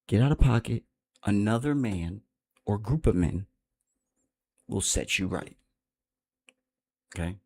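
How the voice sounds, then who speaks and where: A man's voice: lowish voice, animated, slow, long pauses, darkish tone, slightly rough. A man hosting a livestream, giving unscripted commentary in a blunt, profane, rambling way. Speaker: livestream host.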